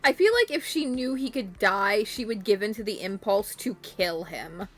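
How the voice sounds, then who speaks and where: A woman's voice: mid-range voice, animated, normal speed, faint music behind. A woman streamer in casual chat, telling a playful story with frequent laughs and crude swearing.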